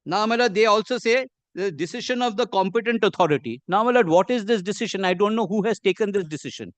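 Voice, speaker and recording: A man with an Indian English accent, arguing a case before a judge in measured, deferential courtroom speech. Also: high voice, animated, no echo. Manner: measured and deferential, says "my lord" constantly. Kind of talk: formal courtroom argument.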